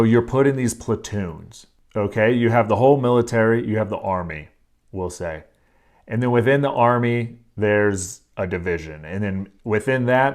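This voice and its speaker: Blunt, profane man with a lowish voice. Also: a little mellow. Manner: blunt and profane, with frequent filler words; emphatic and earnest, stressing key phrases. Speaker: podcast host. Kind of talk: casual motivational talk.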